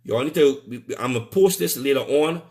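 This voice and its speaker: Fast and darkish in tone, a mid-range male voice with a Trinidadian accent rants angrily on a live stream. The man, from Trinidad and Tobago, repeats himself heatedly, trips over restarts, and swears.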